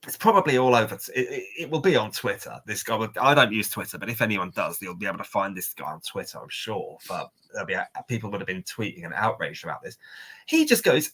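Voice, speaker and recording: A man with a husky voice, co-hosting a podcast and going on an animated, sweary rant. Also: lowish voice, fast talker. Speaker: podcast co-host.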